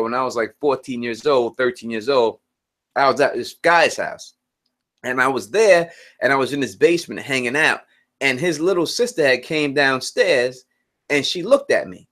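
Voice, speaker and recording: A man's voice: a little high, a bit bright. A man hosting a live stream Q&A, talking earnestly, repeating points and restarting sentences as he explains his view. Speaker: channel host.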